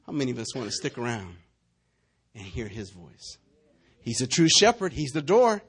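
A man preaching a sermon, telling stories with big swings between shouting and hushed asides. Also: mid-range voice, normal speed, husky. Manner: animated storytelling, swinging between shouts and near-whispers. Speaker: pastor.

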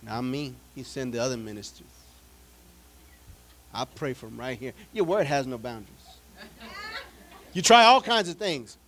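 Delivering a sermon at a moderate pace, a pastor with an expressive mid-range voice pauses often. His storytelling swings dramatically between loud declarations and hushed asides, mixed with humorous, direct remarks to the congregation.

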